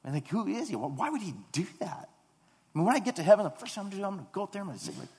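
A man in his thirties preaches with a slightly high, husky voice, shifting between relaxed storytelling and emphatic, rising declarations. The sound carries a long reverb, as if from a large hall. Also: racing. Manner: conversational storytelling, animated and emphatic. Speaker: pastor. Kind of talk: sermon.

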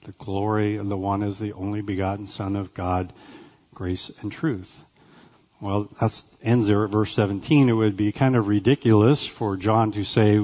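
Male Bible teacher, lowish voice, chatty delivery with frequent check-ins, slightly muffled recording. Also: darkish tone. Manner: conversational, often checks in with "right?" and "okay?"; pauses with "uh" between phrases.

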